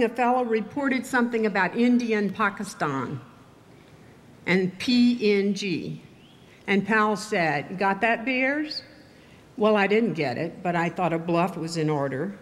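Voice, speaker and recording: An older woman from Texas giving a commencement speech, telling stories in a measured, wry way. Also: mid-range voice. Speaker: commencement speaker. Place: ceremony venue with audience.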